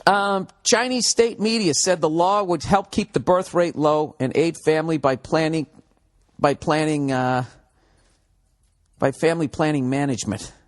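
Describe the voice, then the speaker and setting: A man in his forties hosting a comedy podcast from home, rambling in a profane, animated monologue and slipping into mocking voices. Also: a little high, normal speed. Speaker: podcast host. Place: home room with window.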